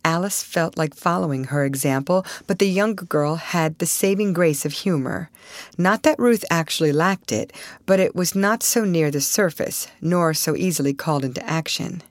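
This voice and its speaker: Expressive woman audiobook narrator, dry close mic. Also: deep voice, normal speed, no room sound. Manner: expressive, varied reading. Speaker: audiobook reader. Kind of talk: scripted narration.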